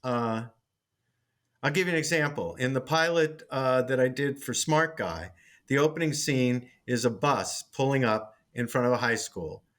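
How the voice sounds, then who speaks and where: A man's voice: mid-range voice, normal speed, fairly bright tone. A man, a sitcom writer and teacher, telling a story in an interview, with frequent restarts.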